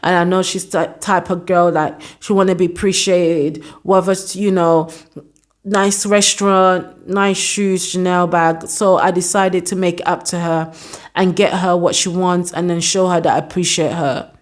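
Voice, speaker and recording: A woman's voice: on the low side, flat delivery, moderate pace, pitched below the performer's own voice, lightly acted. A woman voicing a tearful young man who protests through sobs that he has done enough. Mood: earnest. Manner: whiny, sobbing protests. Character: tearful young man pleading with his partner.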